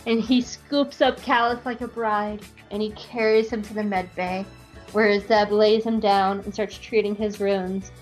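Her medium-pitched voice moves at an unhurried pace while she animatedly tells a comic fan-fiction story for the podcast she co-hosts. She giggles and swears throughout, over muffled sound and faint music.

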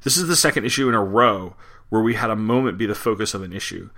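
A male podcast host retells and reviews a war comic in a conversational way, with occasional fillers. His voice sits a bit low but has a bright, forceful edge. He sounds like he is talking straight to the listener. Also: fast talker. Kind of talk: comic book recap and review.

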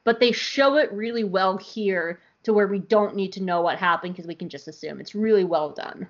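A young woman hosting a podcast, recapping a TV episode in a casual, animated way full of likes. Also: mid-range voice, moderate pace, muffled recording. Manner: animated, bubbly, lots of likes. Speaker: podcast host.

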